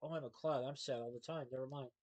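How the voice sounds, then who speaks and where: A man reading a storybook puts on a gloomy talking cloud who is sad all the time. He speaks in a low, quiet and mopey way at a middle pitch. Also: steady tone, fast talker, lightly acted.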